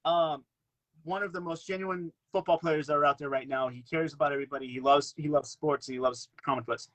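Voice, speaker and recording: A man guesting on a casual podcast, his voice a little high. He tells stories with animation, acting out quotes and repeating himself as he goes. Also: fairly even intonation, a little fast, fairly bright tone, low-quality recording. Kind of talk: casual chat.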